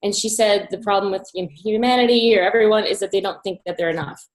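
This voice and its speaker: A woman from Colorado telling a personal story as an interview guest, animated and breathy in the emotional moments. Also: medium pitch, brisk, poor audio. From Colorado, USA.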